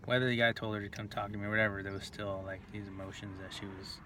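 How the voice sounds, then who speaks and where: Low, flat-voiced man rambling through a story. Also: background noise. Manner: halting, full of fillers and restarts, drops to near whispers. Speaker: video blogger.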